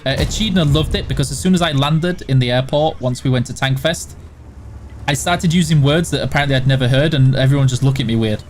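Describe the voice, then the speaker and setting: A man's voice: mid-range voice, quick pace, a little hiss or hum. A man with a Yorkshire accent from near Barnsley, hosting a game livestream and chatting casually with viewers, rambling with lots of restarts. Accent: Yorkshire (Barnsley area). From Yorkshire, England. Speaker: stream host. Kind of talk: casual livestream chat answering viewer questions while gaming.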